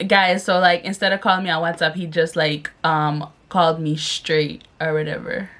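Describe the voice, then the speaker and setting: A young woman vlogging a text prank on her boyfriend, chatting casually, giggling and reading song lyrics out slowly. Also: low-pitched, level tone, over music. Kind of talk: casual vlog narration.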